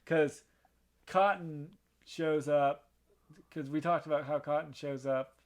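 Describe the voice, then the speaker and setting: This man co-hosts a movie review podcast and takes it slowly, his fairly high voice keeping a fairly even intonation. He talks casually and eagerly like a film buff, rambling along with plenty of fillers and restarts.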